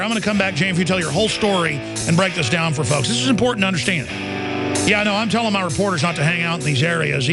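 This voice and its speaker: A man hosting a talk radio show, ranting intensely and mocking officials in exaggerated voices. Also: high-pitched.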